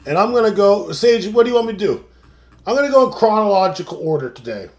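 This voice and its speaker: A young man hosting a late-night sports livestream, ranting, swearing constantly and working himself up into shouting. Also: high-pitched, big pitch swings, fast talker, vocal fry. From Canada. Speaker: sports show host. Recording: roomy echo.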